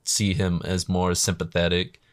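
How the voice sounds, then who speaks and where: A man's voice: sits low, completely flat delivery, measured pace. A man casually recapping a film plot with slangy jokes and profanity. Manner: joking, slangy storytelling with profanity. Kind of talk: casual chat.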